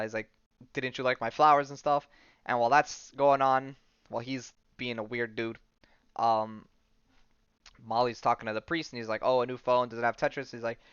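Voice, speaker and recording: Podcast guy rambling thru a comic recap, smooth voice, dry dull lo-fi mic. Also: medium pitch, fairly bright tone, dry recording. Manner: rambling, full of ums and likes. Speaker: podcast host.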